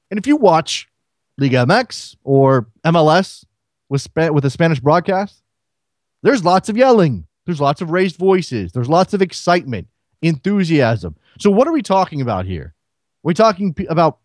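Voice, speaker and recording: A man's voice: a little high, a little mellow, dry recording, studio quality. A man hosting a solo sports talk radio show, firing rhetorical questions at listeners.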